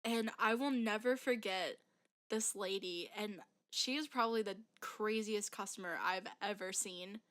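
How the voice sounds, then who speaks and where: A woman's voice: medium pitch, a little slow, a bit bright. A young woman telling a story as a podcast co-host, rambling and full of "like" fillers. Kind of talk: casual chat.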